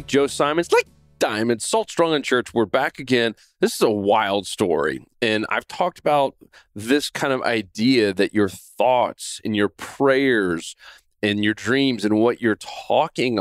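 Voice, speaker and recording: A middle-aged man with a fairly low voice tells a true story on his podcast in a casual, earnest way. He stumbles and restarts often and tags his points with a quick "right?". The sound is dry and close, with no room around it. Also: no echo. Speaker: podcast host. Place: home in Florida.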